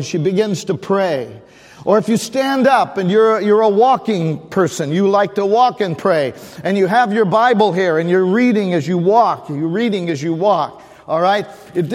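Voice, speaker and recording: An older man, a pastor, preaching a sermon with earnest fervor and calling out to the congregation. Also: sits high. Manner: earnest, fervent preaching with audience call-outs. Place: church sanctuary. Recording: reverberant church hall.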